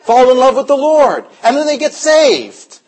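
A man preaching a sermon as pastor, telling stories, sometimes shouting and sometimes dropping to a hush. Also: very high-pitched, big pitch swings, a little slow, poor audio. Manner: storytelling, shifts from shouting to hushed.

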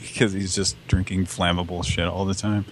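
A man's voice: sits low, level tone, moderate pace, a little hiss or hum. A man hosting a live prank call show, with crude, jokey banter and frequent laughs.

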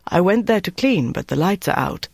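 A man voicing a tall woman cleaner who answers quietly and politely. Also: high voice, very animated, moderate pace, creaky, no echo, clean studio sound, exaggerated voice. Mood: calm.

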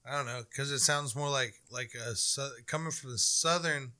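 A man's voice: mid-range voice, normal speed, bright, forceful tone. A young man in casual chat, rambling and slangy, laughing often.

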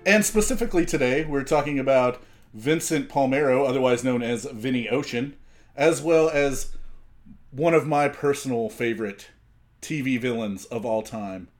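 An easygoing man co-hosting a podcast, with a voice of ordinary pitch. He moves between relaxed banter and reading out background notes. He chuckles lightly between lines. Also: normal speed, soft background music. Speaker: podcast co-host. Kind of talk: casual chat with scripted segments.

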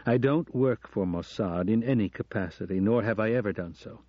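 A man's voice: fairly low pitch, moderate pace, dry recording, natural voice. A man reading an audiobook, voicing an American male professor who earnestly and self-deprecatingly confesses to the woman he loves, on a dull recording. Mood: confessing.

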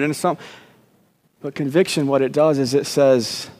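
A pastor preaching a sermon, emphatic and repetitive, with joking asides to the congregation. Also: male voice, on the high side, steady tone, a little fast, clean tone. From Southern United States (Arkansas, Texas). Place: church sanctuary. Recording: long church reverb.

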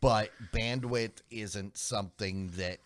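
A man co-hosting a tech podcast in casual chat, explaining the background of a news item with frequent pauses and restarts. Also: lowish voice, steady tone, fairly bright tone. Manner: explanatory, hesitant, many ums and restarts. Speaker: podcast co-host.

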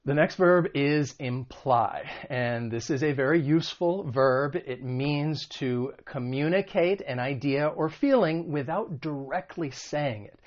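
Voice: mid-range voice, unhurried, hardly any pauses, lo-fi sound. An American English teacher from the United States, patiently explaining word meanings and modelling pronunciation. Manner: clear, patient explaining with demonstrations. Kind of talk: vocabulary and pronunciation lesson.

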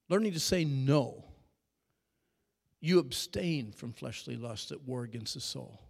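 Fiery preacher in an echoing hall. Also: male voice, medium pitch, expressive, measured pace, vocal fry, long pauses. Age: middle-aged. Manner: dramatic, swings between shouting and hushed storytelling. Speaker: youth speaker. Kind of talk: animated sermon. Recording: long reverb of a large hall.

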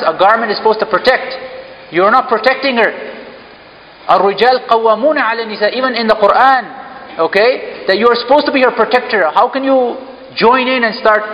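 A man giving an interactive religious talk in a mosque, asking the audience questions and joking lightly. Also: high voice. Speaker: mosque speaker. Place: mosque hall. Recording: echoey hall, dull lo-fi sound.

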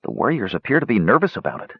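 A man's voice: lowish voice, huge pitch swings, very fast, vocal fry, husky, no echo, heavily acted. A man voicing a thoughtful young male mage who speaks in an undertone. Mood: hushed. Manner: hushed, thoughtful. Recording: dull lo-fi recording.

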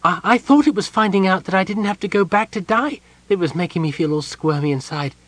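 Man voicing a small excitable kender, squeaky and husky, fretful and eager, audiobook reading. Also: fairly quick, no echo. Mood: anxious. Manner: high eager breathless questions.

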